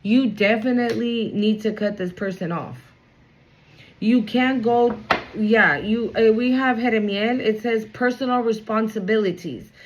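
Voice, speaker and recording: A woman's voice: on the high side, a little slow, highs cut off. A woman giving a casual spiritual card reading to her viewers, chatty and blunt, swearing freely and reassuring them.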